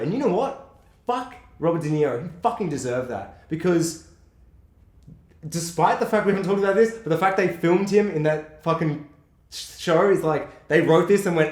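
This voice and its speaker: A man talks through a film in loose, profane chat, his pitch sitting a bit high and leaping around a lot. He acts out lines in squeaky put-on voices. The room is echoey and bare. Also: expressive, normal speed. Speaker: podcast co-host. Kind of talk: casual film discussion.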